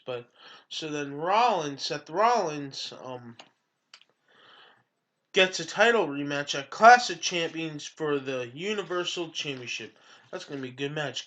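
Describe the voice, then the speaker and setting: A man's voice: fairly high pitch, bright, forceful tone. A young man giving a casual, rambling recap of a wrestling show as its regular host. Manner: rambling, hypes openings, retells quotes.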